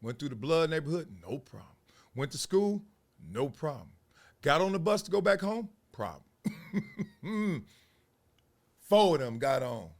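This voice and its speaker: A man's voice: fairly high pitch, normal speed, pauses often. A man from Los Angeles hosting a show, telling a story in casual street slang and acting out the scenes with laughs. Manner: animated, acts out scenes with laughs. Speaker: host.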